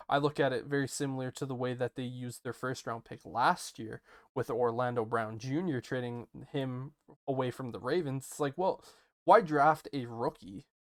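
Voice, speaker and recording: A man co-hosting a casual sports podcast, animated and quick to ask questions. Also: mid-range voice, no room sound, clean studio sound. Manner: animated, self-interrupting, asks questions. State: hiccuping. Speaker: podcast co-host.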